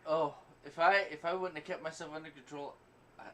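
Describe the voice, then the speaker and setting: A man chatting casually on a podcast, animated and profane, jumping between loud bursts and low mutters. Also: brisk. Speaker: podcast co-host. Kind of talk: casual chat.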